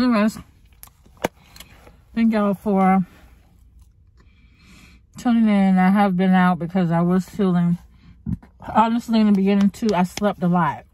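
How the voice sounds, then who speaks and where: A woman speaks straight to her viewers in a heartfelt, faith-filled casual chat, calling them honey and y'all. Her voice is mellow and warm. It sits close to a dry mic with no room sound. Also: medium pitch, no room sound. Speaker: vlogger.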